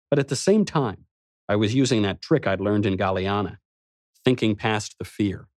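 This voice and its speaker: A man's voice: lowish voice, no room sound, clean studio sound. A man narrating a first-person story in a wry, snarky manner. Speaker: audiobook narrator.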